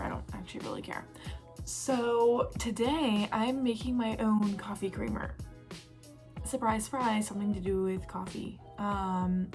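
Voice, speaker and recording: Chatty young woman rambling to camera. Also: mid-range voice. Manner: chatty and rambling, with many fillers and self-corrections. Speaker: vlogger. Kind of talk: casual talking-to-camera vlog.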